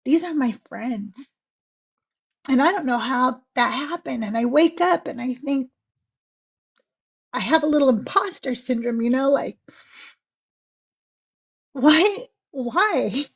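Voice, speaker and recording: A woman's voice: sits high, measured pace, vocal fry, long pauses, husky, muffled recording. A woman on a podcast reciting spoken-word poetry and then talking candidly, emotional and close to tears, swearing freely. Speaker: podcast guest.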